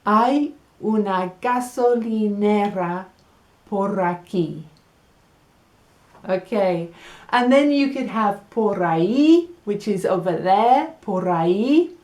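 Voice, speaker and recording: English woman, language teacher, slow and deliberate, echoey room. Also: mid-range voice, expressive, darkish tone. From England. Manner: slow, deliberate, repeats words for practice. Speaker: Spanish teacher. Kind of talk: language lesson.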